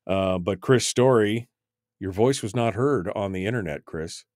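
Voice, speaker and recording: A man's voice: on the low side, a little slow, a little mellow, no room sound. A male talk radio host speaking live on air, rambling and flustered as he fixes failing studio gear, with many restarts.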